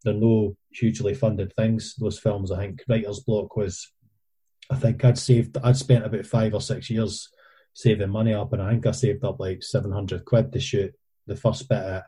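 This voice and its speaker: A Scottish man with a very dark, mellow and husky voice, chatting casually on a podcast. He rambles through his stories with plenty of fillers and self-deprecating asides, sitting a little low in pitch. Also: little pitch movement, normal speed. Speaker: independent filmmaker and editor.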